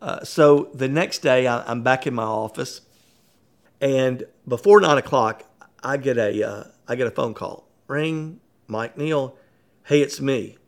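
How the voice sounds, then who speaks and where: A man, a workplace consultant, telling a story in an animated, conversational way with frequent chuckles. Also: mid-range voice, measured pace. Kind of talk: storytelling talk.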